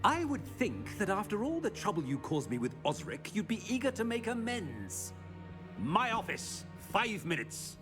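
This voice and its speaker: An actor playing an imperious, dismissive headmaster in a video game, curt and condescending. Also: male voice, high-pitched, wildly swooping pitch, moderate pace, music in the background. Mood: commanding. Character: imperious, dismissive male headmaster, middle-aged.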